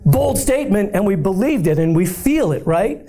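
A hoarse man giving an animated, joking sermon-style talk as a guest speaker at a church, often checking in with the room. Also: sits high, moderate pace. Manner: animated and conversational, often asking the room "right?"; bold, upbeat and joking. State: hoarse, voice nearly gone.

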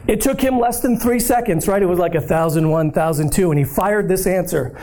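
A hoarse man giving an animated, joking sermon-style talk as a guest speaker at a church, often checking in with the room. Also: high voice, brisk, slight background noise. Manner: animated and conversational, often asking the room "right?"; bold, upbeat and joking. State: hoarse, voice nearly gone.

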